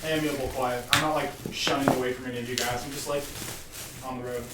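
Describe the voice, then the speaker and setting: A man's voice: medium pitch, fairly even intonation, fast. A man playing a tabletop game, describing his character in a loose, rambling way full of fillers. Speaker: player. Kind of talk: casual tabletop game chat. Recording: echoey room with faint noise.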